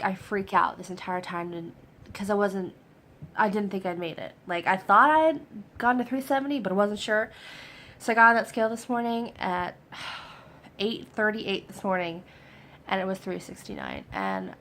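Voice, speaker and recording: A young adult woman chatting excitedly in a personal vlog update, a little hoarse from a cold, with lots of fillers. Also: mid-range voice, slight background noise. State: getting over a cold. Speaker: vlogger.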